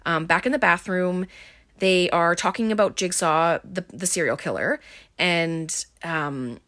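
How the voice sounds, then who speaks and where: A woman's voice: lowish voice, measured pace, fairly bright tone. A woman casually recapping a film scene by scene, chatty and full of likes and ums. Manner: chatty, filler-heavy retelling with frequent likes and ums.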